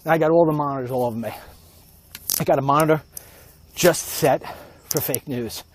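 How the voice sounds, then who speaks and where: A man's voice: on the high side, a little fast, a little hiss or hum. Rambling, jokey man vlogging. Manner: jokey, rambling, mock-conspiratorial. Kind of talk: casual comic rant. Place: outdoors, walking.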